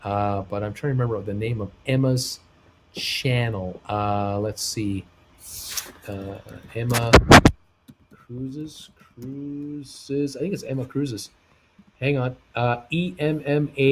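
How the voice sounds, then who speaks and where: Reading out the chat on his live travel stream, a medium-pitched man speaks slowly in a casual, halting way packed with fillers, turning upbeat whenever he requests thumbs ups. A little background noise is audible.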